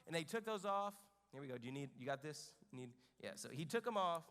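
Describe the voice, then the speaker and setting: High, lively man telling kids a story. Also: fast talker, big-room sound. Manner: animated, asks the children questions. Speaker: children's ministry leader. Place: church kids' room stage.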